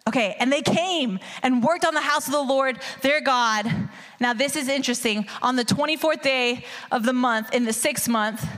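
High, bright-voiced woman preaching. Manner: animated, hyped, addresses crowd as y'all. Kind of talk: energetic sermon. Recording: long hall reverb.

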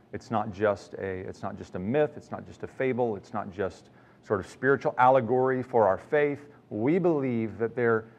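A man's voice: mid-range voice, dull audio. A man preaching a sermon in a conversational way, reading scripture with rising emphasis. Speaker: pastor.

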